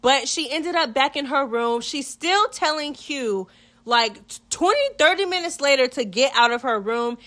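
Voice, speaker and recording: A woman hosting a casual reality TV recap vlog, sassy and expressive, full of slang and talking straight to her viewers. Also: sits high, moderate pace. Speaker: host of a reality TV recap channel.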